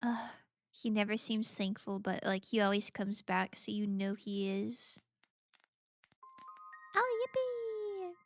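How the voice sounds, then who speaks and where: A woman's voice: medium pitch, little pitch movement, unhurried, creaky, clear, resonant tone, no room sound, faint music behind. A woman streamer chatting casually while playing games, bubbly and gushing, laughing often. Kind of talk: casual gaming stream chat.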